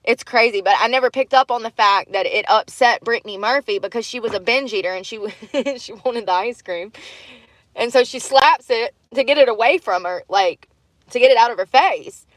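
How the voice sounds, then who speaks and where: A woman's voice: a little high, lively intonation, a little fast, fairly bright tone, rough recording. A woman chatting bluntly on a livestream, laughing often and acting out quotes from a movie. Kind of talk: casual chat.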